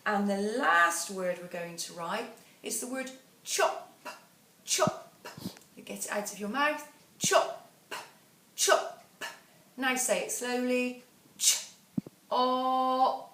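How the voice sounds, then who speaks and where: A woman teacher giving a phonics dictation lesson, counting down and sounding out words slowly and patiently. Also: a little high, animated, bright, forceful tone. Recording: echoey room, voice a bit far from the mic, faint background noise.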